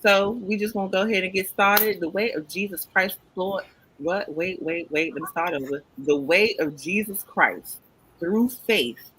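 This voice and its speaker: Bright-voiced D.C. man hosting a livestream. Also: sits high, a little slow, slight background noise, low-quality recording. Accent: Washington, D.C. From Washington, D.C. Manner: energetic, greeting the chat with slang. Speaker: co-host of a livestream talk show. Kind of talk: casual livestream chat.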